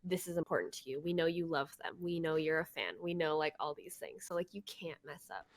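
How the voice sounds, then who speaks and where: A woman in a casual group chat, speaking softly and calmly to reassure a friend. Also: sits low, brisk, no room sound. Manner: soft, calm and reassuring. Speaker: panelist.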